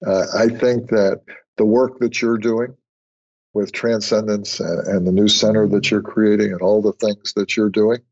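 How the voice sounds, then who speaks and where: Older guy telling work stories on a podcast, slightly husky, muffled lo-fi sound. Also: lowish voice, moderate pace. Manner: storytelling, animated when quoting others. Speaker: podcast guest. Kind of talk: conversational interview. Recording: muffled lo-fi remote audio.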